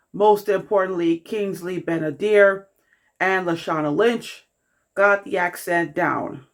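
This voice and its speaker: A young adult film reviewer with a mid-range voice reads a scripted review. The delivery is measured and steady, with an occasional filler word.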